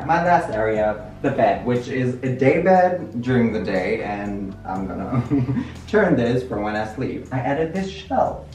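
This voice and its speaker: A woman's voice: extremely low pitch, a little mellow. A playful young woman giving a casual, giggly tour of her small bedroom. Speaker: vlogger. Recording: echoey room with music.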